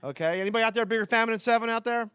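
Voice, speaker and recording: A man with a Philadelphia accent doing a stand-up comedy set before a live audience, talking fast and rambling with restarts and asides to the crowd. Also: very high-pitched, fairly bright tone, a little hiss or hum.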